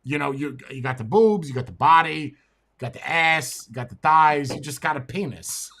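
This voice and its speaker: A man's voice: fairly high pitch, moderate pace, a bit bright, slight background noise. A man co-hosting a casual talk show, blunt in his opinions, who repeats words and stammers as he tells a long story.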